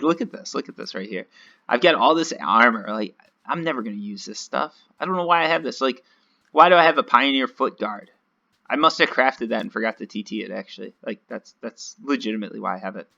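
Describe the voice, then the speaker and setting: A man's voice: medium pitch, vocal fry, bright, forceful tone, muffled recording. A man giving casual, rambling, self-mocking commentary while playing a video game. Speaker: gaming video host.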